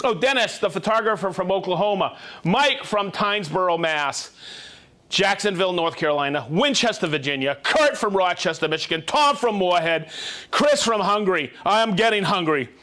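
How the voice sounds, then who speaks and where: A man with a high, bright-sounding voice hosts a live stream in a casual, upbeat manner. He jokes as he greets viewers one after another by name and hometown. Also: lively intonation, moderate pace. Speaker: host of a live-streamed tool show.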